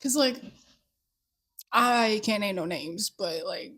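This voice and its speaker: A woman's voice: mid-range voice, animated, slow pace, fairly bright tone, breathy edge. A woman co-hosting a podcast in casual chat, crude, profane and joking. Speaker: podcast co-host.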